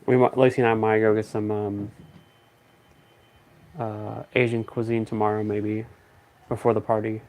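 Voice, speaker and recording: A man chatting casually on a stream, rambling and thinking out loud in a relaxed way. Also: on the low side, normal speed, long pauses. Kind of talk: casual chat.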